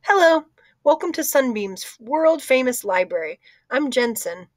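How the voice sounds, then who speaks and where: A woman's voice: high-pitched, expressive, a little slow, no room sound, voice pushed up. Bubbly teen girl, read by a woman; chatty, upbeat, dry audiobook read. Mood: cheerful. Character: cheerful teenage girl library helper, quick to laugh. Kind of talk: audiobook character voice.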